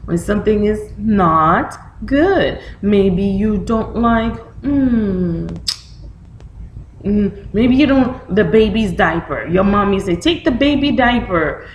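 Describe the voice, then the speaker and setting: Taking it slowly, a medium-pitched woman reads a picture book to young children during storytime, asking them questions and acting out reactions with energy. The audio is dull and echoey, with a little hiss or hum.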